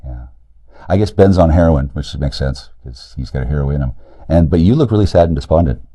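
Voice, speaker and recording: A man in a rambling, profane monologue, agitated and jumping between loud outbursts and low mutters. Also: animated, breathy edge. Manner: profane, agitated, rapid loud and quiet swings. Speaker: streamer talking to camera.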